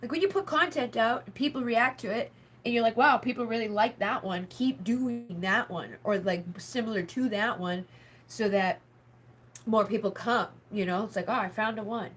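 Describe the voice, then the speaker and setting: A spiritual healer hosts a casual livestream for her members, speaking at normal speed in a fairly high-pitched voice. She rambles with lots of filler words and swears frankly.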